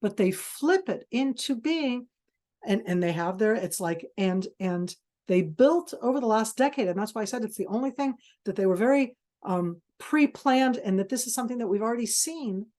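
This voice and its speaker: A woman's voice: a little high, animated, darkish tone. Intense woman speaking in a webinar. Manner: intense, emphatic, with halting restarts. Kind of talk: passionate lecture. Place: video call.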